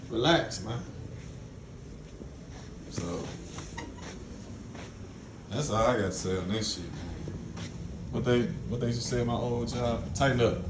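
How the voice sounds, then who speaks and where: A man rants to his viewers in a blunt, profane, exasperated way, with no filter on his language. His voice sits at an ordinary middle pitch. The sound bounces around an echoey room with loud noise behind it. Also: fairly even intonation, a little slow, long pauses. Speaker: vlogger. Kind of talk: casual rant to camera.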